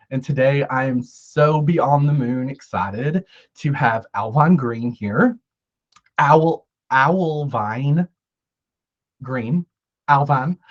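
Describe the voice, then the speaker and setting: A man's voice: on the high side, lo-fi sound. Giggly, effusive male podcast host. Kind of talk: casual interview chat.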